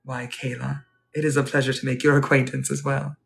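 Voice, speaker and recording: A man playing a polite, wistful Edwardian gentleman at a ball, speaking formally and courteously in a live role-play. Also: mid-range voice, little pitch movement, a little fast, vocal fry. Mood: genteel. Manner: formal, courteous, old-fashioned phrasing.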